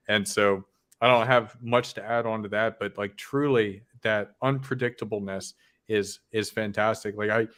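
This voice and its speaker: A man's voice: mid-range voice, a bit bright, clear, resonant tone. A man as a podcast guest, telling a story casually with fillers.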